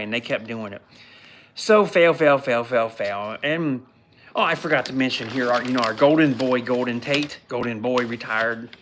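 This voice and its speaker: A man hosting a live podcast, recapping a television show in a blunt, mocking, animated way. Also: mid-range voice, moderate pace, slight background noise.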